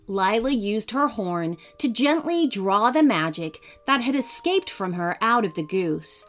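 A woman narrating a children's bedtime story gently, putting on voices for the characters. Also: medium pitch, sing-song, a little slow, few pauses. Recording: faint music behind.

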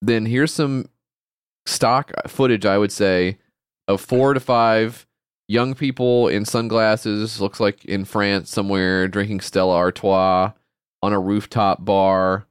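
A man's voice: on the low side, steady tone, slow pace, smooth, no room sound, studio quality. A man co-hosting a podcast, chatting casually and ranting in exasperation. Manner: exasperated ranting, swears a lot. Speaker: podcast co-host. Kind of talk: casual chat.

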